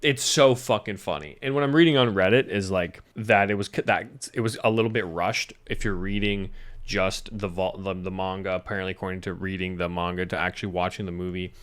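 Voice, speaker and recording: A man's voice: low voice, steady tone, fairly quick, fairly bright tone. A young man rambling casually about an anime movie, swearing freely and laughing often. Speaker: YouTuber reviewing an anime film. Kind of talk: casual chat.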